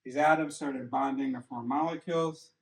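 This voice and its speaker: A man's voice: mid-range voice, steady tone, moderate pace, creaky, reverberant, low-quality recording. A man giving his father a casual step-by-step lecture in a car, checking in with "okay?" as he goes. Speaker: son explaining a theory to his father. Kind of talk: casual lecture during a drive. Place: inside a car on the road. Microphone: dashcam mic.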